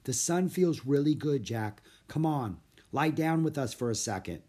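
A man voicing an eager, bold young girl who talks in bubbly, excited bursts. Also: mid-range voice, moderate pace, slightly rough, voice pushed up. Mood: coaxing. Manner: excited, bubbly, shouting gladly.

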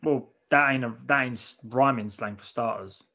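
A man's voice: medium pitch, normal speed, sharp tone. A man in casual podcast banter, blunt and sweary, often repeating himself. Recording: slightly dull lo-fi audio.

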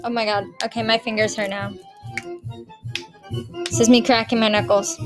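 A woman's voice: a little high, level tone, moderate pace, pauses often, over music. A young woman chatting casually to her viewers, rambling and swearing with giggles. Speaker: vlogger. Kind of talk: casual chat.

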